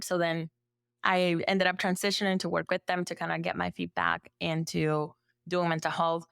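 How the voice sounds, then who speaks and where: A woman therapist from El Salvador, speaking as a podcast guest in a relaxed storytelling way, full of "like" fillers and lively acted-out quotes. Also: lowish voice, moderate pace, vocal fry, clean tone, no room sound, studio quality. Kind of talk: conversational storytelling.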